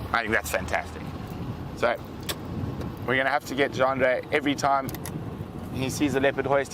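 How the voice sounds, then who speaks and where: A man's voice: mid-range voice, moderate pace, pauses often. A man hosting a live safari drive from an open vehicle, chatting and reading out viewer comments. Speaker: safari guide and live show host. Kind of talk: live safari broadcast chat. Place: open vehicle outdoors in the bush. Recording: loud vehicle and outdoor noise.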